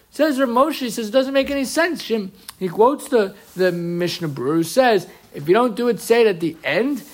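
A man teaches a Torah class in a fairly high voice. He is animated and quotes Hebrew sources with emphatic rises, talking to a room of listeners. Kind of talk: lively Torah lecture. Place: room with an audience.

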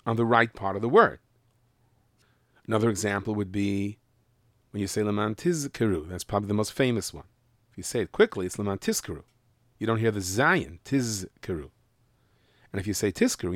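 A man's voice: lowish voice, dry recording, clean studio sound. A man teaching a Mishnah class, explaining the text and sounding out words carefully. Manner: explains in English mixed with Hebrew and Yiddish terms, stressing pronunciation. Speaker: Torah teacher.

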